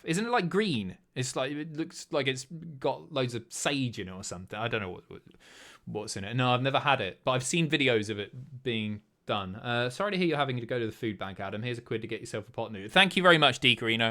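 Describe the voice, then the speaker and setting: A man's voice: mid-range voice, sharp tone. A man hosting a live stream, chatting casually, swearing and guessing aloud as he reads chat. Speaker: streamer host.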